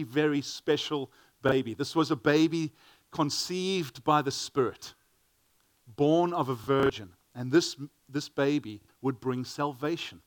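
A man's voice: a little high, no echo. Earnest preacher man, dry close sound. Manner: earnest, repeats words when starting phrases. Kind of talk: sermon.

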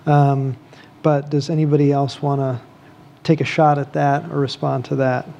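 A man with a somewhat high voice moderates a panel discussion. He reads audience questions aloud and asks the panelists who wants to answer. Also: little pitch movement, normal speed, gravelly, warm tone, muffled recording, slight background noise.

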